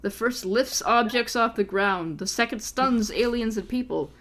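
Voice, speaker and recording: A woman's voice: fairly high pitch, normal speed, a bit bright, a little hiss or hum. A woman acting as game master, reading a gamebook aloud to friends and cutting in with sarcastic, exasperated asides.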